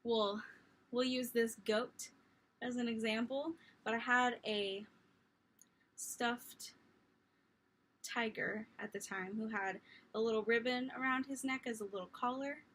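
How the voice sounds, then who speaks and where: Young woman vlogging, bright clear voice, a bit high, lively self-mocking storytelling. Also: measured pace, long pauses. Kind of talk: casual storytelling.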